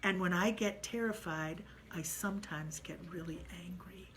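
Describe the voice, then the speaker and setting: A woman telling a true ghost story, dramatic and moving from hushed to loud. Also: fairly low pitch, moderate pace, a little hiss or hum, low-quality recording.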